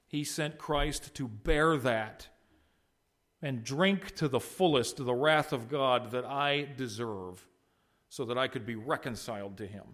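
A middle-aged male pastor delivering a sermon. His voice sits a little high for a man. He preaches earnestly, rising loud and falling soft as he makes his points. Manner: earnest preaching with wide swings in loudness and pitch.

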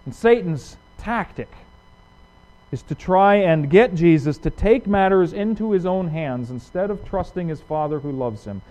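A male pastor preaching a sermon, asking rhetorical questions and swinging from loud emphasis to hushed lines. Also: high voice, lively intonation, unhurried. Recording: dull lo-fi recording.

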